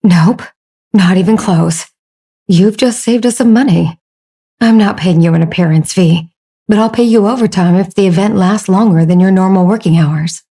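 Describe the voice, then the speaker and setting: A businesslike female executive who answers in a dry, sarcastic way, read by a woman narrator. Her voice is mellow and breathy. She is a figure in a romance audiobook. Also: medium pitch, normal speed. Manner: sarcastic, matter-of-fact.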